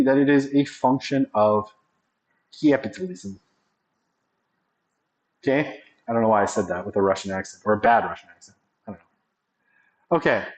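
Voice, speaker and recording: A medium-pitched man delivers a sociology lecture to a class in a chatty, wandering style packed with fillers and joking asides. The recording quality is low.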